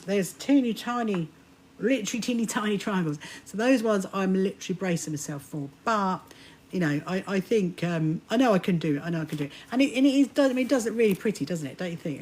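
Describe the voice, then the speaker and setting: A woman's voice: on the low side, a little mellow, a little hiss or hum. Chatty woman hosting a sewing live. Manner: chatty, rambling, many restarts. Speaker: sewing livestream host. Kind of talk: casual live-stream chat.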